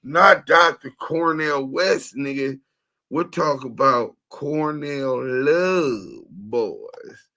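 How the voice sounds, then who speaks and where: Stream co-host, man, teasing and jokey, bright tone, slow delivery. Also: mid-range voice, animated. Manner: joking, teasing, laughing. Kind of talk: livestream banter.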